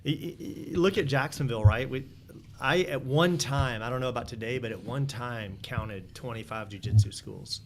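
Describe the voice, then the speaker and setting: A man's voice: mid-range voice, moderate pace, slight background noise. A man hosting a casual podcast who talks in a reflective, rambling way with many restarts. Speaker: podcast host.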